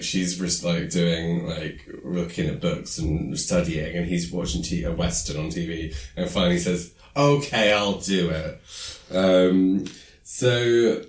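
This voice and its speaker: Deep-voiced man rambling through a film recap. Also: reverberant. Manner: rambling, filler-heavy storytelling; acts out quoted lines in high squeaky voices. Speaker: podcast co-host recapping a film. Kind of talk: casual chat.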